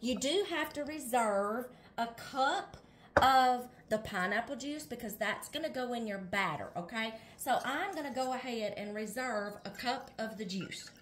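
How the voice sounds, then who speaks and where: Cooking at home for her vlog, an older Southern US woman speaks in a fairly high, animated, fairly bright voice, moving a little slowly. She keeps up casual chatter, addressing her audience as y'all and asking okay again and again.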